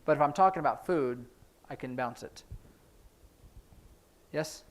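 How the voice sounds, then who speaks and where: Guy teaching sign language at church, kinda high voice, explaining signs as he shows them. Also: a little hiss or hum. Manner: explains signs while demonstrating, hurried asides. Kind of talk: classroom instruction. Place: church classroom.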